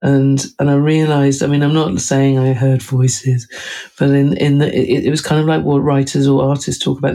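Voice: medium pitch, gravelly, warm tone. An author talks through their writing in a thoughtful interview, with frequent fillers and restarts. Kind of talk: conversational interview talk.

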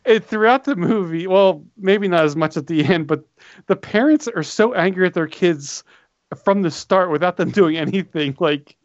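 Man, high voice, casual film chat, restarts sentences, muffled dry sound. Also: normal speed, dry recording. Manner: polite, trails off and restarts, laughs along.

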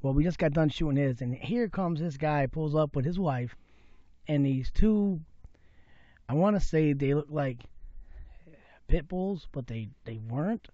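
A man's voice: fairly high pitch, expressive, unhurried, long pauses, mellow, no echo. Profane man telling stories, dull lo-fi sound. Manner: profane, storytelling with put-on voices. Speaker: podcast guest. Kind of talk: casual podcast chat.

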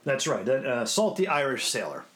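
A man's voice: mid-range voice, big pitch swings, a little fast, fairly bright tone. Earnest man in his forties. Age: 40s. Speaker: podcast co-host. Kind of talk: casual podcast chat.

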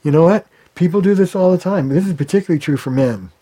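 A man's voice: high voice, fast talker, breathy edge. A man, a family therapist, talking in an interview and acting out the arguments he quotes. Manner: animated, acts out quoted arguments. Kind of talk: conversational interview.

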